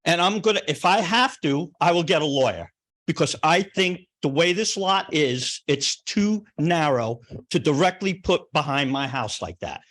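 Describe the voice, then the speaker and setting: A man's voice: a little high, animated, moderate pace, fairly bright tone. An older man speaking at a town planning board hearing, plainspoken, emotional and repetitive as he objects. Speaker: resident speaking at a public hearing. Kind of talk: impassioned public comment. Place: town meeting room.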